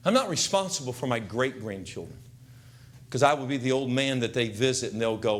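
An older man preaching a comic storytelling sermon, acting out scenes and shouting voices loudly. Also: medium pitch, fairly quick, slight background noise. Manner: animated, acts out scenes with loud shouts.

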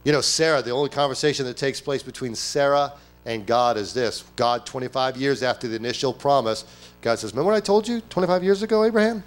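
Animated male preacher mid-sermon. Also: mid-range voice, fast talker. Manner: animated preaching, acting out quoted voices; fires off rhetorical questions. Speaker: pastor. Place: church service.

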